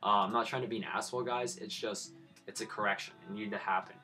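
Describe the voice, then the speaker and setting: A man's voice: fairly low pitch, steady tone, fast, sharp tone, soft background music. A man in his twenties giving blunt, profane live-stream commentary on his crypto trades and lecturing his viewers. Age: 20s.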